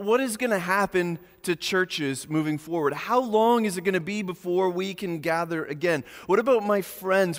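A man preaching a sermon as pastor, earnest, slowing and softening on key phrases. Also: high voice, in a large hall.

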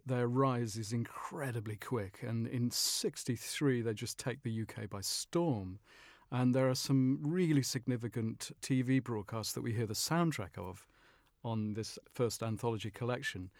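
British male music journalist, mid-pitched, explanatory chat, dry booth sound. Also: darkish tone, dry recording. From Britain. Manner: measured storytelling, explanatory. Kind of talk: conversational discussion.

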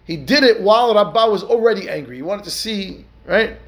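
Male rabbi teaching Talmud, with a raised pitch and a gravelly edge. He reads the text aloud, then unpacks it in a conversational question-and-answer way. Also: animated, fairly quick. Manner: explains step by step, asks and answers rhetorical questions; keeps checking in with "right?". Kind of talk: Talmud study lesson.

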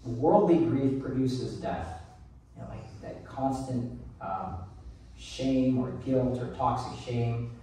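A man's voice: medium pitch, lively intonation, slow, dark tone. Male pastor, casual earnest sermon delivery, distant mic, reverberant church room with faint background hum. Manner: conversational, earnest, with many restarts.

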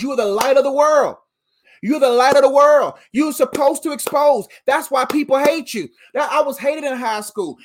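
Animated high-voiced woman preaching. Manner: animated, emphatic, slangy, calls listeners "fam". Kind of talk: sermon.

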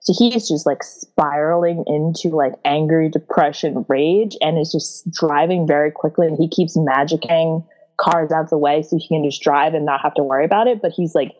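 A woman's voice: deep voice, steady tone, moderate pace, a little mellow, poor audio. A woman co-hosting a casual podcast, recapping a book in a rambling way with lots of fillers and giggles. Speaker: podcast co-host.

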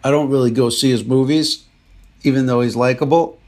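A man's voice: mid-range voice, steady tone, fairly quick, a little mellow. A man hosting a podcast, rambling through jokey rants in a casual comedic monologue. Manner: rambling, jokey ranting asides. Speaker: podcast host.

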